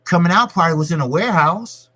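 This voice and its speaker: Male boxing channel host; loose, cussing live-stream talk, a bit higher than average. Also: fast. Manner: profane, repetitive, animated. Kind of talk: casual live-stream rant.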